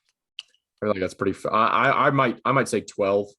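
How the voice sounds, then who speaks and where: Young guy on a video call, kinda low voice, steady, lots of ums. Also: moderate pace. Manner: steady, runs through the list with fillers. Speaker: podcast co-host. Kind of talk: casual chat.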